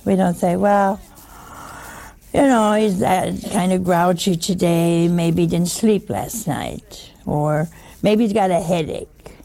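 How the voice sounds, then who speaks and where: A woman's voice: fairly low pitch, takes it slowly, vocal fry, warm tone. A woman giving a chatty sermon, teasing her listeners with rhetorical questions and humor. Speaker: religious teacher. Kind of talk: conversational sermon.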